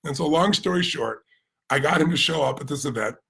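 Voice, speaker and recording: An American man giving a motivational talk, telling a story with animated, emphatic delivery and acting out the voices of people in it. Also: fairly high pitch, brisk, gravelly, husky. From United States. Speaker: motivational speaker. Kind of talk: energetic storytelling speech.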